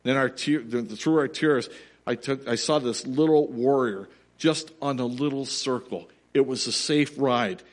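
A man in his forties telling a story in a sermon, earnest and dropping to a quiet emotional emphasis. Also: medium pitch, a little slow. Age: 40s. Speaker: pastor.

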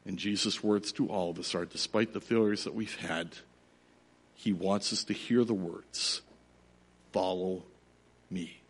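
A man in his forties telling a story in a sermon, earnest and dropping to a quiet emotional emphasis. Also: on the low side, steady tone, normal speed, slightly rough. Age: 40s. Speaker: pastor.

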